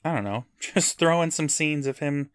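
A man's voice: a little high, expressive, normal speed, clear, resonant tone, no echo. A man co-hosting a podcast in casual chat, dropping dry, joking asides. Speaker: podcast co-host.

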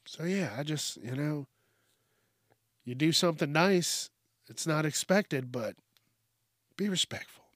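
A man's voice: on the high side, animated, unhurried, long pauses, no room sound, studio quality. A man hosting a solo podcast, ranting casually and bluntly with plenty of swearing. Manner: profane, ranting, blunt and conversational. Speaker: podcast host.

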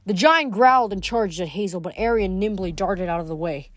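A woman's voice: medium pitch, lively intonation, fairly quick, no echo. A woman reading a novel aloud, with occasional slips that she corrects as she goes. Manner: reads with small slips and self-corrections. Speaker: audiobook reader.

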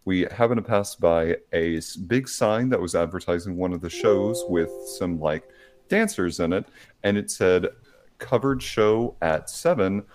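A man co-hosting, telling a self-mocking anecdote in an animated way. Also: low voice, moderate pace, soft background music. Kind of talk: casual anecdote.

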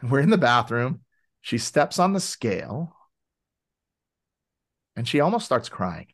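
A man as a podcast guest, telling a story in a casual, animated way and acting out quoted voices. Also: medium pitch, unhurried. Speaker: podcast guest, wellness advocate.

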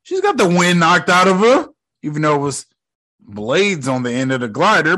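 A young man talks through a film in casual reaction commentary, his voice sitting a little high for a man. He is animated and swears freely, breaking into loud outbursts. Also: normal speed. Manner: animated and profane, with loud exclamations. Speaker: movie reaction vlogger.

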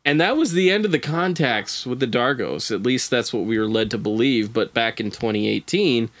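A man's voice: medium pitch, animated, moderate pace, no room sound. A man who is a podcast guest, telling a strange story in laid-back, casual chat with profane, wry asides.

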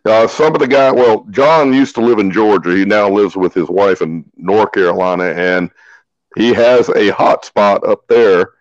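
A man's voice: fairly low pitch, moderate pace, no echo, dull audio. A man co-hosting a casual podcast chat, speaking emphatically and repeating his points. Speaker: podcast co-host.

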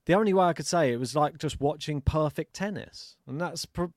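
A man co-hosting a podcast, chatting casually about tennis, animated and laughing often. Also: on the high side, fairly quick, no echo, clean studio sound. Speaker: podcast co-host.

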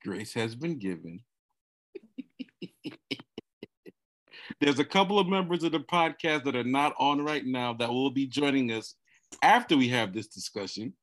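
A man hosting a podcast in casual chat, lively and teasing, laughing often. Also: medium pitch. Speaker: podcast host.

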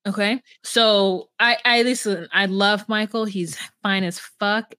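A woman's voice: mid-range voice, fairly even intonation, slow pace, bright, forceful tone, clean tone, no echo. A woman co-hosting a podcast, bluntly and sarcastically reacting to reality TV with some swearing. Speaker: podcast co-host. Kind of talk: casual reality-TV recap chat.

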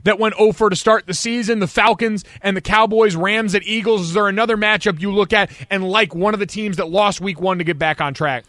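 A young man hosting a sports radio talk show, giving quick, emphatic takes on games. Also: sits high, fairly even intonation, bright, forceful tone, no room sound, studio quality.

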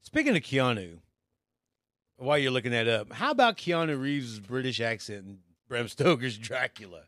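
A man guesting on a casual comedy podcast, telling animated stories. His pitch swings widely as he tells them. The sound is dry and close. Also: normal speed, no room sound. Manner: animated storytelling with quoted voices.

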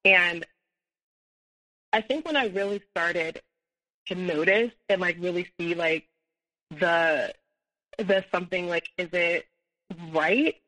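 A woman talks through a personal story as a podcast guest, her voice bright and a little tense. She circles back with fillers and restarts, then acts out the lines other people said in her own voice. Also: fairly low pitch, rough recording. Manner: rambling, many fillers and restarts; acts out quoted dialogue, rising when heated.

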